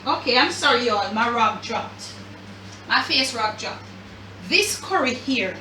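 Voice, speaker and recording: A chatty Jamaican woman walks her viewers through a recipe in a home kitchen, talking easily to them as family. Her voice is bright and fairly high. It comes from a step away from the mic, with an echoey room around it. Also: recorded from a distance, slight background noise. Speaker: cooking show host. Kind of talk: casual cooking demonstration.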